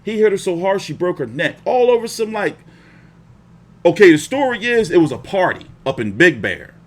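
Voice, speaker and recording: A man's voice: high-pitched, normal speed. A young man hosting a boxing live stream, telling stories in casual, profane slang. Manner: profane, animated storytelling with slang.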